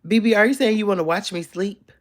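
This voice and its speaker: A woman's voice: medium pitch, quick pace. A young woman, chatting playfully with viewers on a casual live stream from her bed. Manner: playful, sassy, teasing. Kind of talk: casual chat reading viewer comments. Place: bedroom, in bed.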